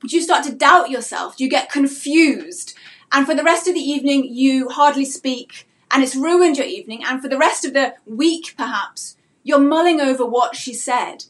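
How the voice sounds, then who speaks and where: High-voiced woman giving an earnest live talk. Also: moderate pace. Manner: earnest, uses rhetorical questions. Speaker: homeschooling mentor.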